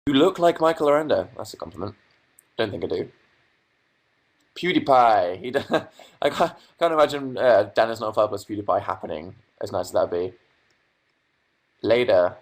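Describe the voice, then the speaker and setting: A man's voice: on the low side, expressive, normal speed, pauses often. A young man from England hosting a casual livestream from his bedroom, reading out viewer comments and answering them with dry, sarcastic asides. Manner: reads chat aloud, dry sarcastic asides. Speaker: livestream host.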